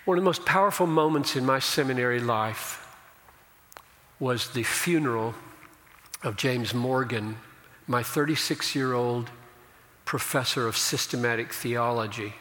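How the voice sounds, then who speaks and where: A man preaching a sermon as a pastor, slow and emphatic, swelling into loud declarations. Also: medium pitch, in a large hall.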